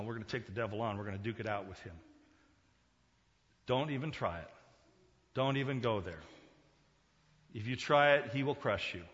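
A male pastor giving a sermon, swinging from quiet talk to loud, emphatic preaching. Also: medium pitch, in a large hall, highs cut off.

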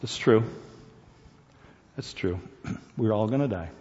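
A man's voice: on the low side, slow, darkish tone. A man preaching a sermon, talking to the congregation in a conversational way and asking them questions. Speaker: pastor. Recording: dull recording with long hall reverb.

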